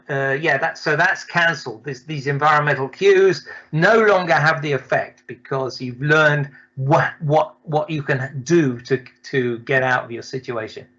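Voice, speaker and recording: A man's voice: fairly high pitch, sharp tone, muffled recording. A man from Scotland, a doctor, hesitantly explaining a mental training method in a webinar. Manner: hesitant, with many restarts. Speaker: doctor presenting. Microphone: video call.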